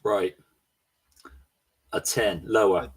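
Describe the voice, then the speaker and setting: Husky, low-voiced man, wry. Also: steady tone, drawn-out words. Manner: wry, dry humor. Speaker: podcast co-host. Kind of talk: casual chat.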